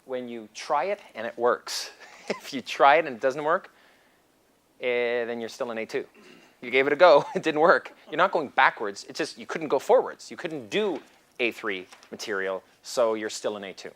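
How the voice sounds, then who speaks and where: Male seminar instructor, animated lecturer, acts out scenes mid-talk. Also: medium pitch, normal speed. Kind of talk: lecture to a class.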